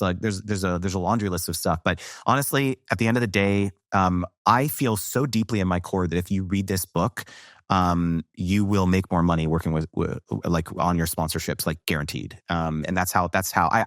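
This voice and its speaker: A man's voice: low voice, a bit bright, no room sound, clean studio sound. A man being interviewed on a podcast as an author and coach, talking in an earnest, heartfelt way. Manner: earnest, heartfelt, quick explaining. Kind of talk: casual interview chat.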